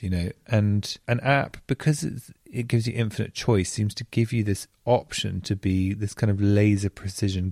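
A man hosts a podcast in a relaxed, earnest way, leaning on fillers as he talks. His voice is low-set and mellow. The sound is close and dry. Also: vocal fry, no room sound. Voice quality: chatty, earnest, uses many fillers. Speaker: podcast host. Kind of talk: casual chat. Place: at home in bed.

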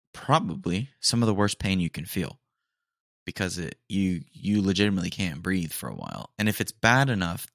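Hoarse young man, low gravelly voice. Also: no echo, studio quality. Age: young adult. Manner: rambling, relaxed, many fillers. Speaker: podcast host. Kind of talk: casual solo chat.

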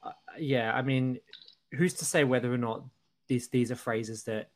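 A man's voice: mid-range voice, moderate pace. Hesitant man in casual film chat. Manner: hesitant, with frequent ums and restarts; earnest, critical. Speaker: podcast co-host.

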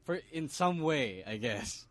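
A man's voice: on the high side, big pitch swings, takes it slowly, fairly bright tone. A man, co-hosting a casual wrestling podcast and breaking down the show, slipping Tagalog into his English. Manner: analytical, mixes Tagalog into English. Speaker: podcast co-host.

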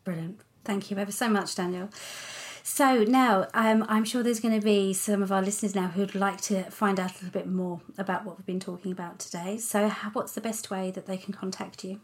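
A woman hosting an interview, warmly affirming her guest and asking questions. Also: mid-range voice, steady tone, a little fast. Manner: enthusiastic, affirming. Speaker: podcast host.

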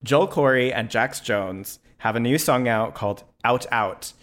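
A man's voice: medium pitch, measured pace, fairly bright tone. A man co-hosting a podcast in casual chat, playful and sarcastic, laughing often. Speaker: podcast co-host.

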